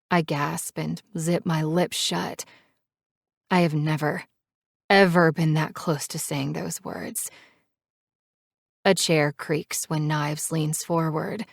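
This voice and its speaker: Slow gravelly-voiced woman narrating. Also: low voice, no echo, studio quality. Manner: measured, steady reading. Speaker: audiobook narrator. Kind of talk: first-person romance audiobook narration.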